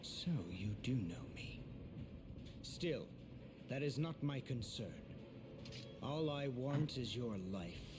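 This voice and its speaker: An actor playing a cold, grim male knight who speaks in a slow, menacing way in a video game. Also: medium pitch, animated, background noise. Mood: cold menace.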